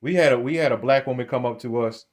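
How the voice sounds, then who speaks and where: A man talking straight at his viewers with blunt, confrontational commentary, at an ordinary middle pitch for a man. He stumbles over words and restarts sentences a lot. He keeps throwing "man" at the end of his lines. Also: fast, darkish tone. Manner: repeats words and restarts often; keeps addressing listeners as "man". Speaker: religious commentator. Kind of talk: casual commentary to camera.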